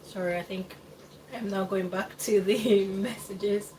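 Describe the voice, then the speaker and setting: Recorded on a distant mic with faint background noise, a woman cooks on a live stream in her home kitchen. Her medium-pitched voice stays fairly even and a little slow, and she rambles with frequent laughs and hesitant fillers.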